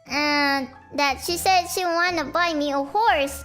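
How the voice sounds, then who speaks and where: A woman's voice: high voice, takes it slowly, few pauses, fairly bright tone, faint music behind. A young woman with an Indonesian accent chatting playfully and casually on her stream, giggly and childlike. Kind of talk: casual stream chat mixing languages.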